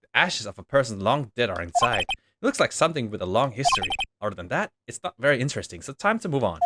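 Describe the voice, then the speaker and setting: A man casually reading a detective game's dialogue aloud in a wry, relaxed playthrough. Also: medium pitch, quick pace, very noisy. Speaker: game streamer reading all characters. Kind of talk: game playthrough voicing the text. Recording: voice over loud game music.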